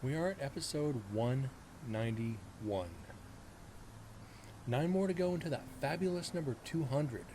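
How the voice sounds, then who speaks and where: A man in his forties hosts a paranormal live stream, talking straight to his viewers in a rambling, self-mocking way. His voice sits in a middle register, picked up on a desk mic with a steady wash of background noise behind it. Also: mid-range voice, a little slow. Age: 40s. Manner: rambling, self-mocking, talks to chat directly. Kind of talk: casual live-stream chat.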